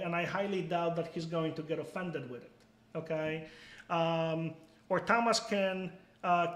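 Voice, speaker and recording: On a casual live stream, a man with a somewhat high, echoey voice answers viewers bluntly and with emphasis. He swears freely and tacks "okay?" onto the end of his points.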